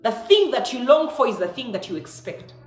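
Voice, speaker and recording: A woman's voice: fairly high pitch, very animated, fairly quick, soft background music. A woman preacher giving a devotional sermon, emphatic and repeating her key lines for effect. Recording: echoey room.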